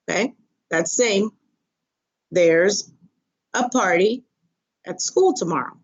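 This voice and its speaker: A woman's voice: medium pitch, lively intonation, takes it slowly, long pauses, husky. A woman teaching an online Spanish lesson, patient and methodical, repeating phrases and stressing the rise of a question. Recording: dull lo-fi audio.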